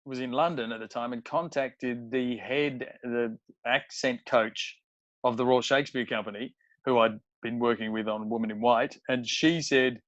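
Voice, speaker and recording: Man from Australia, actor, interview guest, halting, dry close sound, slightly muffled. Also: mid-range voice, fairly even intonation, a bit bright, dry recording. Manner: thoughtful, halting with many fillers. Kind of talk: casual interview conversation.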